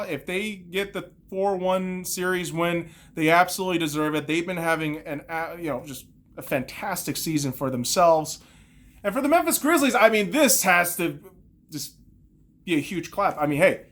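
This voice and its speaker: Podcaster by themself in a room, swears nonstop, goes on heated rants, mid-pitched voice. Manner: heavy swearing, heated ranting. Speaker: podcast host. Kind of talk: solo sports rant. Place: room, alone.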